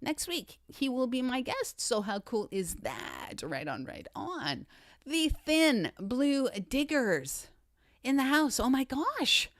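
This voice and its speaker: Lively, animated woman livestream host. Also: high voice, takes it slowly, no room sound, clean studio sound. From Canada. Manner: upbeat, greets viewers by name, repeats catchphrases. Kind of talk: casual livestream chat.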